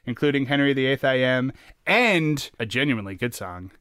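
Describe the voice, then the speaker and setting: A man's voice: mid-range voice, lively intonation, normal speed, fairly bright tone, clear, resonant tone, no echo, clean studio sound. An American man co-hosting a podcast, chatting casually in a jokey, rambling way and laughing often. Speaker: podcast co-host. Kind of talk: casual chat.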